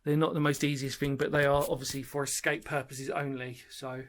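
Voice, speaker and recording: A man's voice: mid-range voice, little pitch movement, fairly quick, fairly bright tone. A man exploring an underground bunker alone and chatting to his channel viewers, rambling and enthusiastic. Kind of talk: casual solo exploring vlog. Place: inside a small underground brick bunker in woodland.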